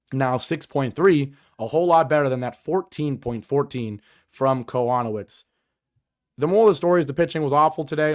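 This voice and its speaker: A man hosting a sports podcast, hoarse and raspy from a cold, delivering emphatic, exasperated commentary. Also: mid-range voice. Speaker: podcast host.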